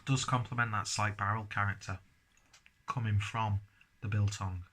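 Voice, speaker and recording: Husky, low-voiced man reviewing beer. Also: steady tone, normal speed, bright, forceful tone. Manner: chatty, talks while chewing. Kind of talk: casual tasting review.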